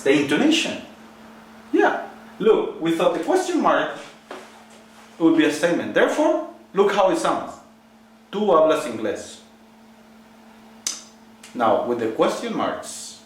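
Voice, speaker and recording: Male language teacher, animated, prompting students, voice a little high; roomy and distant recording. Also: a little hiss or hum. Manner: lively, coaxing questions to students. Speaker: Spanish teacher. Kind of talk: recorded online lesson. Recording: very echoey room, mic at a distance.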